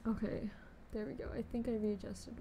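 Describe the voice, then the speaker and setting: A woman's voice: on the high side, little pitch movement, normal speed, mellow. A young woman chatting casually on a game live stream, bubbly and chatty, greeting viewers with pet names. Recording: faint background noise.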